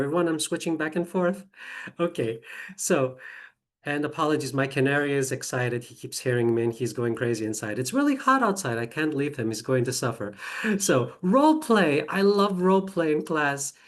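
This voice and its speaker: A woman teacher trainer giving an online presentation while screen sharing, chatty and enthusiastic with quick apologetic asides, on a computer mic. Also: extremely low pitch.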